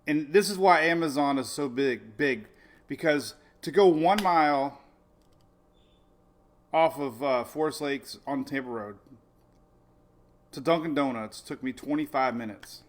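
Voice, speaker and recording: A middle-aged man hosting a casual weather livestream, rambling excitedly and laughing often. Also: on the high side, unhurried, pauses often. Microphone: phone or webcam on a live video stream.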